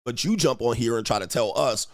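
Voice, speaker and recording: A man giving casual relationship commentary, reading comments aloud and reacting to them. His voice sits at a middle pitch, recorded close and dry. He talks in slang and jumps into mocking put-on voices. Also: brisk, dry recording. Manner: animated, slangy, mocks others in put-on voices.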